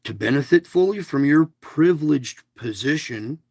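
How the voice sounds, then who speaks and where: A man with a slightly high, gravelly voice reads a devotional at an unhurried pace. He breaks off into casual, chatty asides and leans hard on single words. The sound is dry and close. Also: lively intonation, darkish tone, no echo. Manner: emphatic, stresses single words. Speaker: online devotional host. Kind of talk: reading a devotional aloud with asides.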